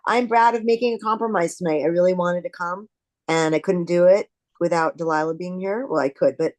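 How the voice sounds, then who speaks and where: Mother in support group, low voice, hesitant, video call. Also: steady tone, brisk. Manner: hesitant, with nervous laughs.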